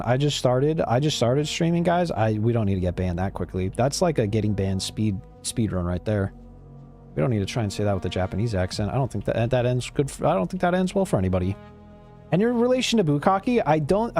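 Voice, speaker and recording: In this clip a man streams a game and chats loosely with his viewers, relaxed and cursing from time to time. His voice sits at a medium pitch and sounds a little mellow.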